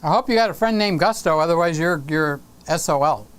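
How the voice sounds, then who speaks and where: Hosting a live stream, a woman with a low-pitched, smooth voice talks briskly and playfully. She reads out viewer comments, teases people, and now and then sings a snippet.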